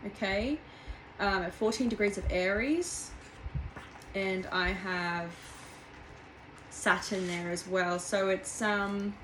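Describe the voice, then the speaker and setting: A woman's voice: medium pitch, takes it slowly, long pauses, noisy background. A woman in her twenties giving a casual, rambling tarot reading from home, heartfelt and full of restarts and fillers. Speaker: tarot reader.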